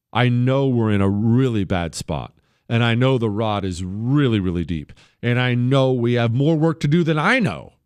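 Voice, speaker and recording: A man hosting a talk radio show, delivering a blunt, conversational political monologue that swings between punchy highs and low asides. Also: dry recording, studio quality. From United States.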